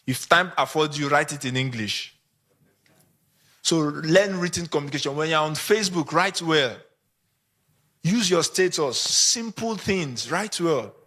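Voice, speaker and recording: A Nigerian man gives a conference talk to photographers. His voice sits high and comes across bright and forceful. He talks in an animated way and acts out small examples along the way. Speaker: conference speaker.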